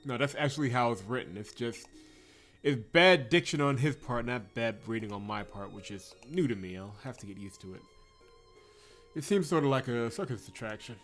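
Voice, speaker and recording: A man's voice: mid-range voice, lively intonation, normal speed, a bit bright, faint music behind. A man streaming a visual novel, reading it aloud in a dramatic read-through with casual asides; he chuckles often and stumbles and corrects himself on words. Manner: chuckles often, breaks off into playful commentary.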